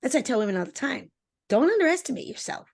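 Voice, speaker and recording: A woman dating coach talking as a podcast interview guest, energetic and emphatic, speaking straight to her listeners and acting out little voices. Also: fast, creaky. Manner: acts out voices with expressive pitch swings.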